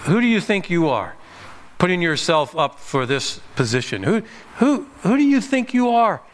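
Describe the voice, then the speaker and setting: A man voicing an indignant male missionary who confronts a rival with sharp, accusing questions. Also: on the high side, very animated, moderate pace, slight background noise.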